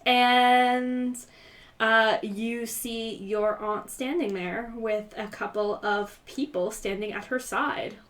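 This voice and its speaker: A woman's voice: fairly high pitch, fairly even intonation, takes it slowly, a bit bright. A woman narrating a tabletop role-playing game as game master, chatty and full of fillers. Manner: chatty, giggly, many fillers.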